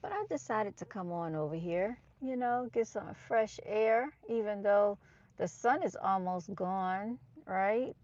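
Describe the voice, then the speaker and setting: A woman on a phone live stream from an outdoor motorcycle show talks casually and directly to viewers she calls "y'all." Her medium-pitched voice is a little mellow and a little slow, and the sound is dull, dry, and lo-fi.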